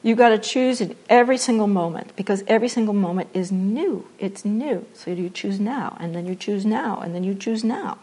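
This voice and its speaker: Woman teaching meditation n acting, playful, acts out little bits, goes soft n slow on the repeats. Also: mid-range voice, breathy edge. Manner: animated and playful, acting out examples with laughter; drops to soft, slow repetition when guiding meditation. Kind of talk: spiritual talk mixing meditation and acting.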